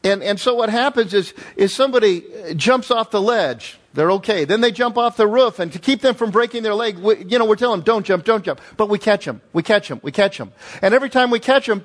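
A man preaching a sermon as pastor, telling stories with lively emphasis and repeated phrases. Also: high voice, a little fast. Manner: animated storytelling with emphatic repetition.

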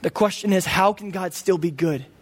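A man's voice: high voice, moderate pace, slightly rough. A man in his thirties preaching a sermon, earnest and emphatic. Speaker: pastor.

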